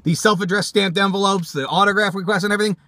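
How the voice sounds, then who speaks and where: A man hosting a toy-show vlog from inside his car, reading fan mail and reacting with excitable, profane, yelling rants. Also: sits high, fast talker, no room sound. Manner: excitable, swearing, yelling outbursts. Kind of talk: profane comedic vlog rant.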